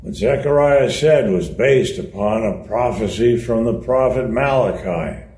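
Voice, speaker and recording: Slow, dark-voiced man reading a sermon. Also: mid-range voice, lively intonation. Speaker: reader of a sermon. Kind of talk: read-aloud sermon. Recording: echoey room.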